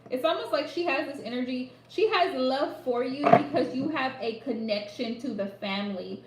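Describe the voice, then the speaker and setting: Woman psychic reader, high voice, direct and repetitive delivery, echoey room. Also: moderate pace, heavy background noise. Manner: addresses the listener directly, repeats phrases for emphasis. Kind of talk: live psychic reading.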